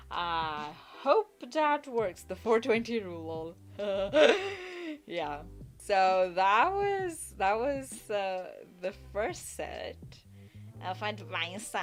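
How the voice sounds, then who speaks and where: A woman's voice: mid-range voice, lively intonation, takes it slowly, faint music behind. A woman live-streaming, giving advice in a chatty, rambling, self-mocking way and reading her chat aloud.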